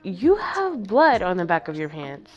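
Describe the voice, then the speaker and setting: A woman's voice: lowish voice, wildly swooping pitch, a little slow, faint music behind. A woman voicing a blunt schoolgirl who insists on an awkward truth in a retold story. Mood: insistent.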